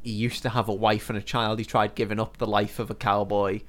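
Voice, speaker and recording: A man's voice: on the low side, flat delivery, fairly quick, a bit bright. A man, co-hosting a podcast and casually retelling a film's plot between laughs. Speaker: podcast co-host. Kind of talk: casual film-recap chat.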